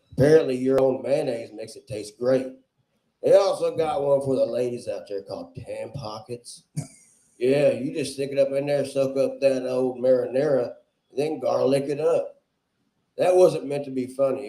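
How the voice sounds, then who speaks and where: A man doing a crude stand-up set on a club stage, loud and laughing at his own jokes. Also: medium pitch. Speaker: stand-up comedian. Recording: roomy club echo.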